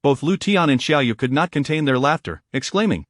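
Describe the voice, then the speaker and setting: Higher-voiced man reading a novel aloud. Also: animated, normal speed, no room sound, studio quality. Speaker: narrator. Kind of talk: web novel audiobook narration.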